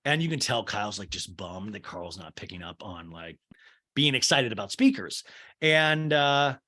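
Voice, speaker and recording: A man's voice: fairly low pitch, animated, normal speed, bright, forceful tone. A man hosting a casual solo recap podcast. He rambles in a chatty way, full of fillers, and acts out quotes in exaggerated voices. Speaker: podcast host.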